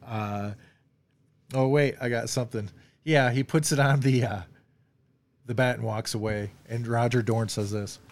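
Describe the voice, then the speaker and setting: A man's voice: mid-range voice, steady tone, measured pace, long pauses. A man hosting a casual movie discussion podcast, rambling and laughing often as he quotes lines. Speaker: podcast host.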